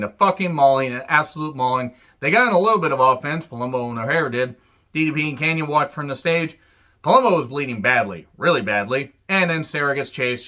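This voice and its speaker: A man's voice: a little high, bright, forceful tone, muffled recording. A man giving a casual, sarcastic and profane recap of an old wrestling show, full of jokey asides. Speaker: wrestling reviewer.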